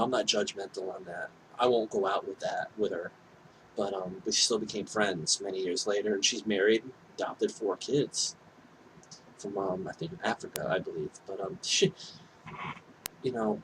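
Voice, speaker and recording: Low-voiced man rambling through a story. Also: noisy background. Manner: rambling and candid, full of asides and apologies. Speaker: vlogger telling a personal story. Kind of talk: casual storytelling monologue.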